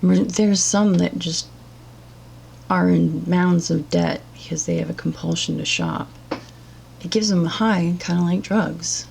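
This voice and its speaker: A woman's voice: fairly low pitch, steady tone, measured pace, vocal fry, darkish tone, a little hiss or hum. A woman giving blunt, profane and sarcastic reaction commentary as a vlogger.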